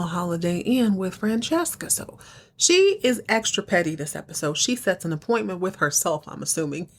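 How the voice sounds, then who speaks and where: A woman hosting a podcast, recapping a TV episode in a chatty, animated storytelling way. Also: mid-range voice. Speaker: podcast host.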